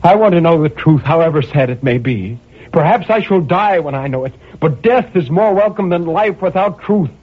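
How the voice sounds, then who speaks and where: A man voicing a tormented young man who pleads and cries out in anguish, with a husky voice and a lively, strained pitch. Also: normal speed. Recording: tinny phone-like audio.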